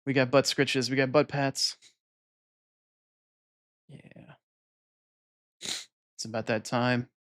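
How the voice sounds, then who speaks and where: A man streaming a video game, chatting casually into a desk microphone and cooing softly to his cat. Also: medium pitch, fairly even intonation, takes it slowly. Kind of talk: casual live-stream chat.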